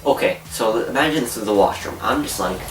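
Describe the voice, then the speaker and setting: A teenage young man, telling a story to camera in an excitable, animated way. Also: medium pitch, fast, noisy background. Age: teens. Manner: excitable, animated, acts out his own screams and whispers. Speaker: vlogger.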